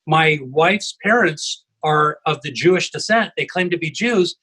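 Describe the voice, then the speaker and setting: Husky, bright-voiced man telling stories. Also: a little high, animated, measured pace, low-quality recording. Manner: storytelling, tags lines with "right?". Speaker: co-host, evangelism trainer. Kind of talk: casual panel discussion. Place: at home. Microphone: video call.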